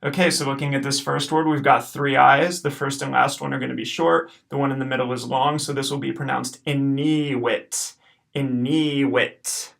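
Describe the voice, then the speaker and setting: A man teaches a recorded lesson, his voice carrying a gravelly rasp. He explains patiently and drags out each practice word slowly, cheering students on between drills. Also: medium pitch, little pitch movement, fairly bright tone. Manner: patient, encouraging, slows to repeat words. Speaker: Latin teacher.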